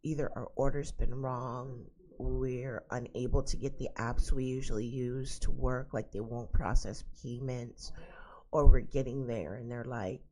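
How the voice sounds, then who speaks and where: A woman's voice: extremely low pitch, fairly even intonation, unhurried, dark tone, slight background noise. A woman vlogging at home, chatting casually to camera and telling exasperated stories full of asides. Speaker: psychic vlogger. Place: at home indoors.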